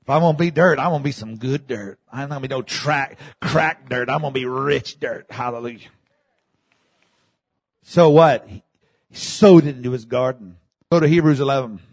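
A man preaching a sermon, dropping to low murmurs and rising to shouted peaks, leading the congregation in call and response. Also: moderate pace, husky, no room sound. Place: church.

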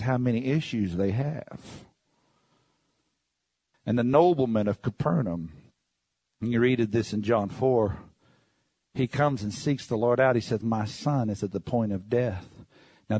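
A man preaching a sermon and telling his own testimony, animated, now and then bursting into shouts. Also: mid-range voice, husky, no room sound.

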